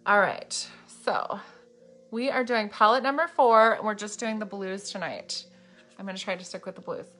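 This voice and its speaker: A woman's voice: mid-range voice, steady tone, moderate pace, fairly bright tone, soft background music. Chatty woman hosting a makeup livestream. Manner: chatty, bubbly, talks to viewers by name. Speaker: makeup seller hosting a live video. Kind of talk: casual live makeup tutorial. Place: home room lit by ring light and window light.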